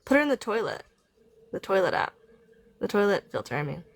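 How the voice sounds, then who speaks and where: A woman's voice: medium pitch, big pitch swings, brisk, vocal fry. A woman co-hosting a casual livestream chat, teasing and sarcastic, talking on a phone. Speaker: livestream co-host.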